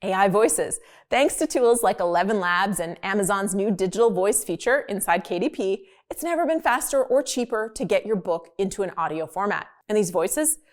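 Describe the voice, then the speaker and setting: A woman hosts an explainer video in a casual, upbeat manner. Her voice sits at an ordinary middle pitch, and she leans on key words with emphasis. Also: expressive, moderate pace. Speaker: host.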